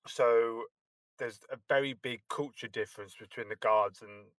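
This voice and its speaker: Male ex-Guardsman, hesitant storyteller, mid pitch, dry close sound. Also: steady tone, moderate pace, a bit bright, no echo. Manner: hesitant, filler-heavy storytelling. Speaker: podcast co-host, ex-Guardsman. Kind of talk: casual anecdote.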